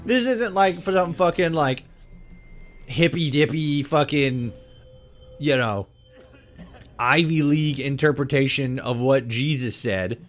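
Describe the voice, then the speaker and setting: Young male streamer, rambling and profane, slightly higher voice, faint music behind. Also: takes it slowly, long pauses. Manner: rambling, profane, full of restarts and laughs. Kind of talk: casual live-stream chat while gaming.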